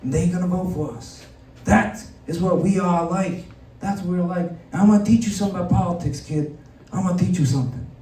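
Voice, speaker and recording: A man doing an impression of a scheming older president who talks like a mob boss, in a slow, low conspiratorial drawl. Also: mellow. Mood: smug. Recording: echoey room, mic far off.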